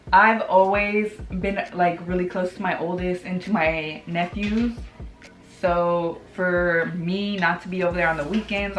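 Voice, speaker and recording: A woman's voice: on the low side, reverberant, poor audio. A woman in her thirties chatting candidly while doing her makeup, full of "like" fillers and casual swearing. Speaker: beauty vlogger. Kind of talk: casual get-ready-with-me chat.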